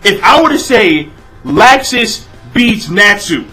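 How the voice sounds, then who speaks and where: A young man ranting through a manga chapter review, swearing freely, repeating himself and breaking into shouted outbursts. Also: high voice, big pitch swings, slow, low-quality recording. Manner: exasperated, profane, repeats phrases, shouts in bursts.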